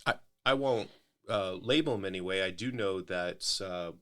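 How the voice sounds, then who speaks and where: A man's voice: low voice, moderate pace, a bit bright. A middle-aged male pastor in a casual podcast conversation, explaining at length in a thoughtful way, often restarting his sentences.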